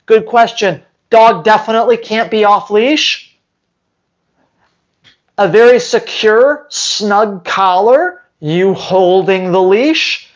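A man's voice: high-pitched, slow, lo-fi sound. A man who trains dogs, answering viewer questions on a live stream in a blunt, emphatic way and hammering his points home by repeating them. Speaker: dog trainer.

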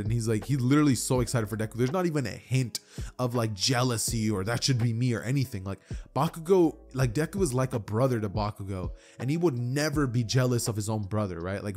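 A man's voice: medium pitch, a little fast, darkish tone, faint music behind. A young man narrating a fan story in a rambling, casual way, full of "like" and "you know".

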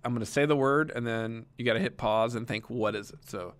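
A man's voice: medium pitch, fairly quick, fairly bright tone. Man explaining a lesson casually. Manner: explanatory, conversational, with frequent fillers and restarts. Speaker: teacher. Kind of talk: recorded classroom lecture.

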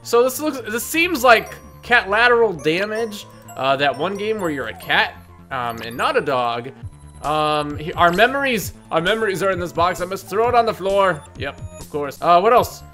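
A man hosting a let's play, joking and breaking into loud excited outbursts as he plays. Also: high-pitched, normal speed, faint music behind. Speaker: gaming video host.

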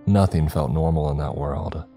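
A man narrating a first-person horror story in a measured, ominous way. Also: rumbling low, dark tone. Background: faint background music.

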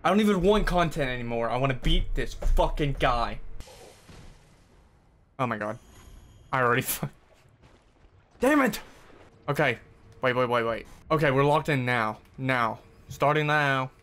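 A man's voice: mid-range voice, normal speed, fairly bright tone, slight background noise. A man streaming live gameplay, venting frustration with sarcastic jokes and swearing while he plays. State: sweaty and worked up. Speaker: gaming streamer.

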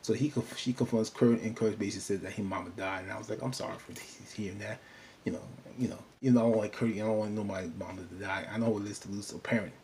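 A man's voice: lowish voice, fairly even intonation, very fast, hardly any pauses, a little mellow, slight background noise. A man casually recapping a TV episode in a loose, rambling way, filling his talk with "you know.". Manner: chatty, loose, full of "you know" fillers.

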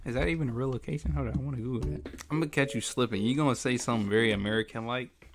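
A man's voice: medium pitch, steady tone, rapid-fire, background noise. A man in his twenties hosting a video chat prank, teasing strangers with profane, joking banter. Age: 20s. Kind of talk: casual chat.

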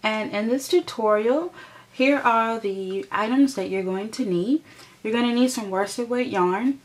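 A woman's voice: on the high side, measured pace. A woman hosting a crochet tutorial, patiently explaining each step and counting stitches aloud as she works.

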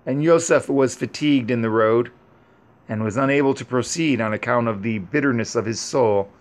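A man reading an old scripture narrative aloud in a measured, solemn way, with frequent pauses. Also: mid-range voice. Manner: measured, solemn, pausing often. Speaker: scripture reader.

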